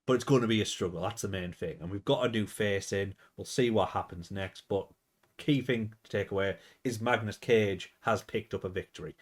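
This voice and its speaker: A man's voice: fairly low pitch, normal speed. A man giving casual, chatty commentary on his management game, rambling and thinking aloud.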